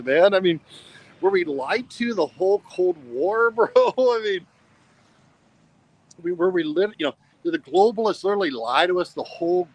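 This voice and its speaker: A man's voice: high voice, a little hiss or hum, rough recording. An American man vlogging while out walking, rambling casually and saying "bro" at the end of nearly every line. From United States. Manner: rambling, says "bro" constantly. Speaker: travel vlogger. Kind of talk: casual vlog chat. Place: outdoors and in a mini market by a beach.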